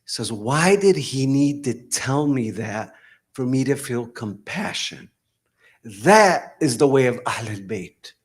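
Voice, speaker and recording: Middle-aged preacher, storytelling sermon, mid-pitched voice, bursts of loud acted shouting. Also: male voice. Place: mosque hall.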